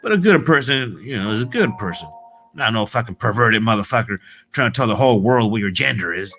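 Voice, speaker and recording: A man's voice: mid-range voice, expressive, brisk, bright, forceful tone, soft background music. A man delivering a heated, profane, slangy monologue as a motivational vlogger. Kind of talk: casual ranting monologue.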